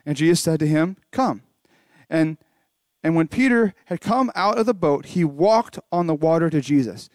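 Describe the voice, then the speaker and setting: A man's voice: fairly high pitch, animated, normal speed, dry recording. Earnest man teaching a children's Bible lesson. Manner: earnest, conversational storytelling with restarts. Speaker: children's church pastor. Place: home recording during lockdown.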